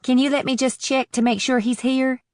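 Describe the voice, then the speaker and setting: A man's voice: very high-pitched, level tone, moderate pace, dry recording, studio quality, pitched above the performer's own voice. A man voicing a nervous young woman bar hostess in an audiobook, timid and hesitant.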